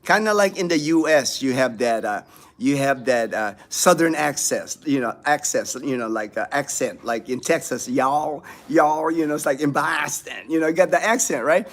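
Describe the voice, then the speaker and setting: A man's voice: medium pitch, expressive, normal speed. A man hosting a casual livestream, chatting with viewers and reading their comments, rambling with many fillers and restarts. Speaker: livestream host. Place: home in the Philippines.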